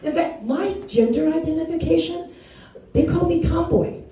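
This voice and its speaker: A Wisconsin woman in her sixties does stand-up at a bar, her voice extremely high-pitched and her pace normal as she mocks herself and laughs through her lines. The roomy bar sound is captured from far off, with the audience laughing throughout.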